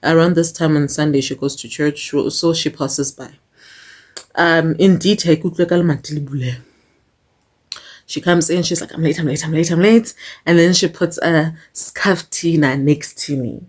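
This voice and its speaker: A woman's voice: low-pitched, steady tone, normal speed. A young woman chatting casually to her vlog viewers, slipping into local-language phrases and laughing often. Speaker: vlogger. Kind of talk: casual chat.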